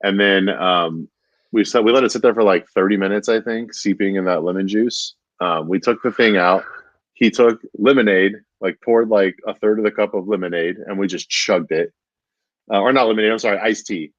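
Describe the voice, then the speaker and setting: A low-voiced man spinning a long, rambling anecdote full of "like" and "dude". The sound is dry and close, with no room to it. The recording is dull and lo-fi. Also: steady tone, fairly quick, no room sound. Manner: rambling, says "dude" constantly, many fillers. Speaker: stand-up comedian. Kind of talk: casual chat, storytelling.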